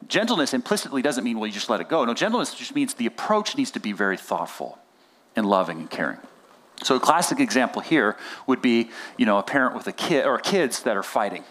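A man preaching a sermon as pastor, conversational and animated, often acting out quoted dialogue. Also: medium pitch, fast talker.

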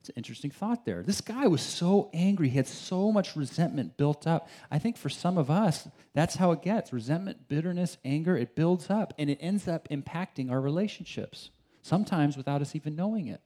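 A man preaching a sermon in a conversational, animated way, with rhetorical questions and frequent restarts. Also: on the high side, a little fast. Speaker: pastor.

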